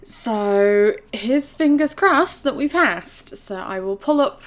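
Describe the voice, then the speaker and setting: A woman's voice: on the high side, lively intonation, slow pace. A woman chatting casually to her viewers in a vlog, rambling with plenty of fillers. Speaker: vlogger.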